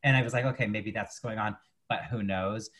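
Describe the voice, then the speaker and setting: A man co-hosting a podcast, chatting casually about TV episodes, rambling with frequent restarts and animated retellings. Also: lowish voice, brisk. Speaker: podcast co-host. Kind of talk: casual chat reviewing TV.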